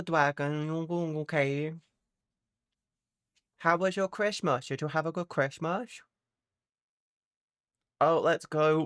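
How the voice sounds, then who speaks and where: A woman's voice: very deep voice, no room sound, studio quality. Sweary, rambling woman streamer. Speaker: VTuber streamer. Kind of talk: casual chat with live chat viewers. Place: at home.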